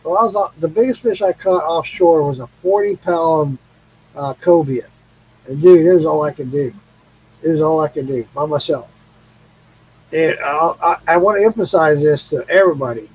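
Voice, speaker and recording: A tipsy middle-aged host from Missouri, USA, runs a casual late-night live stream, swearing loosely and laughing easily in a laid-back way. His voice is a little high, darkish, and slightly rough, at normal speed, and the recording itself is rough.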